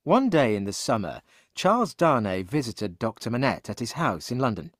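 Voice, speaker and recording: A man narrating a graded reader audiobook in a slow, clear, deliberate way. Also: medium pitch, very animated, no room sound, studio quality.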